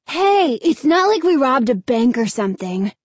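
Alan, a woman voicing a brash loud boy. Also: high-pitched, very animated, moderate pace, slightly rough, no room sound, full character voice. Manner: loud, sneering.

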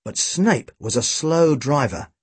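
A man narrating a storybook with a dry, wry, expressive delivery. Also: medium pitch, slow, breathy edge, dry recording. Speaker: audiobook reader.

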